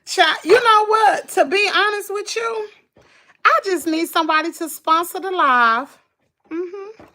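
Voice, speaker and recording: A middle-aged woman with a Southern US accent hosts a casual livestream and chats with her viewers in a folksy way. Her voice sits fairly high, bright and forward, with a gravelly edge. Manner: chatty, folksy, reads out viewer comments. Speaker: livestream host.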